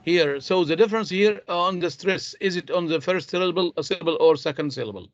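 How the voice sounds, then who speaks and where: A man teaching an English class online, patient and halting with many fillers. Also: sits high, dry recording. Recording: dull dry lo-fi sound.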